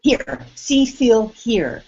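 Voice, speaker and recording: A woman hosting an interview, eager and excited as she asks her guest to explain. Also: fairly high pitch, drawn-out words, breathy edge, highs cut off. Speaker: host. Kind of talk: conversational interview.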